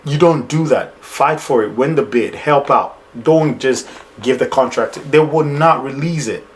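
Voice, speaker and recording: A man's voice: mid-range voice, unhurried, a little hiss or hum. A man hosting a reaction video, giving emphatic, scolding commentary and repeating his points.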